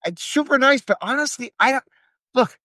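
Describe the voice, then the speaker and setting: A man's voice: very high-pitched, lively intonation, moderate pace, sharp tone, no echo, studio quality. A man co-hosting a casual podcast chat, opinionated and stumbling over repeated restarts. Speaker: podcast co-host.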